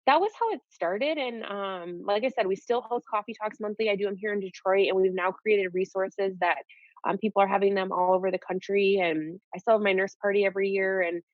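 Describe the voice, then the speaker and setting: Animated young woman telling her story. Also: mid-range voice, a little fast, no room sound. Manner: animated, peppers speech with "like". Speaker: nurse guest. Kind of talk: casual storytelling interview. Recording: dull lo-fi audio.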